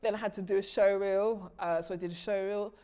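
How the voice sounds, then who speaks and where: A woman's voice: mid-range voice, a little fast. A woman from London with a London accent, a TV director being interviewed, telling her story casually with frequent laughs and acted-out dialogue. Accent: London English. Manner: lively, laughs often, acts out quoted dialogue.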